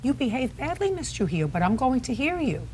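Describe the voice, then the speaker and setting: A woman's voice: high voice, sing-song, fairly quick, mellow, a little hiss or hum. An older woman presiding as a television judge, questioning litigants bluntly and cutting them off. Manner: blunt, cutting, interrupts often. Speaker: TV courtroom judge. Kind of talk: stern courtroom questioning. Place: TV courtroom set.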